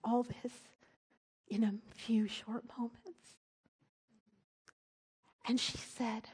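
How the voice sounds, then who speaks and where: A middle-aged woman preaching, telling a personal story in an earnest way that drops to a soft hush at tender moments. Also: fairly high pitch, little pitch movement, very slow, long pauses, husky. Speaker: speaker at a church service. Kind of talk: storytelling sermon.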